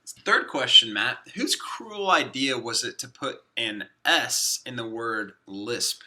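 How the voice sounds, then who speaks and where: Bright-voiced young man, easygoing chat. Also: mid-range voice, expressive, slow. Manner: easygoing, agreeable, says "like" a lot. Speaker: podcast co-host. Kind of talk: casual chat.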